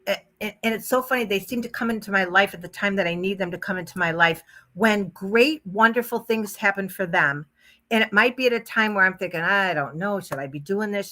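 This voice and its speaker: A woman's voice: medium pitch, sharp tone. A woman guest telling stories in a casual podcast chat, chatty and enthusiastic about her hypnosis work.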